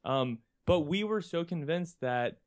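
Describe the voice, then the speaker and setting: A young man spins a long, meandering anecdote among friends on a podcast. He keeps chuckling mid-sentence, and restarts and asides pile up as he goes. His tone is relaxed and conversational. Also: on the high side, a little slow. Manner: rambling, laughs often while talking. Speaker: podcast co-host. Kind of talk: casual chat, anecdote telling.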